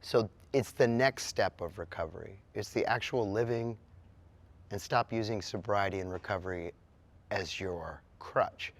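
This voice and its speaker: A man's voice: on the low side, measured pace. A middle-aged man, a musician, answering interview questions bluntly and with animation. He swears now and then and mimics sounds with his voice.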